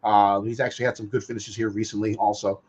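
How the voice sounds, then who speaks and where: A man filling in as guest co-host on a golf betting podcast, talking haltingly with plenty of fillers. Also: fairly low pitch, level tone, a little mellow, slightly rough. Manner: halting, filler-heavy talk. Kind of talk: casual golf betting chat.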